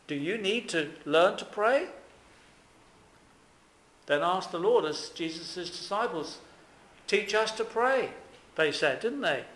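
A man's voice: high-pitched, pushed and bright. A man preaching a sermon, putting many rhetorical questions to his listeners. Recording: echoey room.

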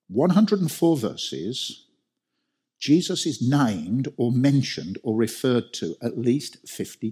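Male preacher, slightly husky tone, emphatic sermon delivery with rhetorical questions. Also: medium pitch, warm tone.

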